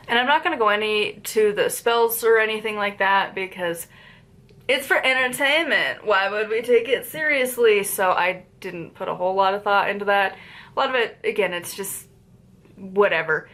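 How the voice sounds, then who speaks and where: Appalachian lady rambling thru a book review, mid pitch, lots of likes and tangents. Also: moderate pace, a bit bright. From Appalachian region of the United States. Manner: chatty and rambling, with frequent fillers and tangents. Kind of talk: casual book review vlog.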